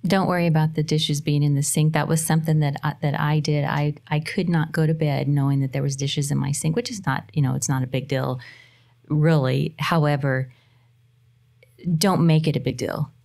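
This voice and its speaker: A woman's voice: low-pitched, steady tone, moderate pace, gravelly, darkish tone. A middle-aged woman on a podcast, earnestly giving motherly advice in casual chat. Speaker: guest mother.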